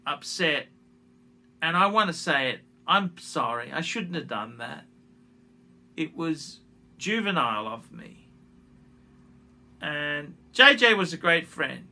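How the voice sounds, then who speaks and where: Slow, bright-voiced man apologizing. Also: a little high. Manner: halting and repetitive, restarting phrases. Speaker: YouTuber making an apology video. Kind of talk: emotional direct-to-camera apology.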